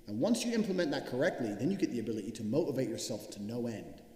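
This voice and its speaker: A man's voice: medium pitch, animated, quick pace, a little mellow. A man giving a blunt, profane motivational speech, hammering his points home with repetition. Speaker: speaker giving a motivational talk. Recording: echoey hall with long reverb.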